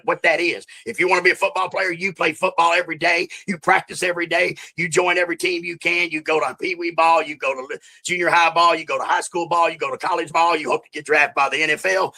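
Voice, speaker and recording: His voice is fairly high, pushed, and bright, captured on a low-quality recording. He's a fifty-something interview guest, Australian-born and Southern-raised, rambling casually with lots of repeats and plenty of "bro" and "man."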